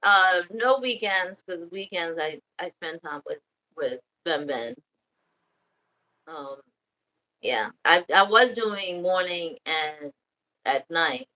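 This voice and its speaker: A woman's voice: fairly low pitch, expressive, slow, long pauses, sharp tone. A woman hosting a live stream, reading out and thanking viewers in the chat. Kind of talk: casual chat.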